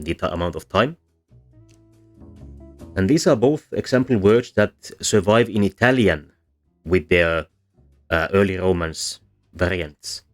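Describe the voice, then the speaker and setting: A man with a very low voice talks through a lesson in voice-over. He pauses often, with plenty of ums and uhs and restarted phrases. Faint music plays behind him. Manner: hesitant, many fillers and restarts. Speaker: language history explainer.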